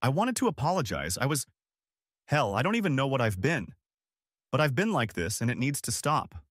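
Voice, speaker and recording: A man voicing a distraught adult wife in an audiobook story, speaking in a higher, strained, pleading voice. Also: very animated, normal speed, fairly bright tone, dry recording, clean studio sound. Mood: apologetic. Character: distraught wife, adult woman, remorseful and tearful.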